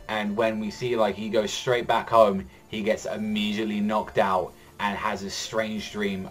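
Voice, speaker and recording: Rambling young man swearing his way through. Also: medium pitch. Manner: rambling, heavy use of "like", swears often. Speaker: anime and manga reaction vlogger. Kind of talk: casual chapter recap.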